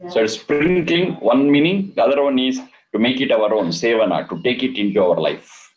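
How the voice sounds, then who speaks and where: A man teaching a scripture lesson. He explains Sanskrit words slowly and deliberately, and he repeats and chants the terms. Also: mid-range voice, expressive, highs cut off. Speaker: Vedic teacher.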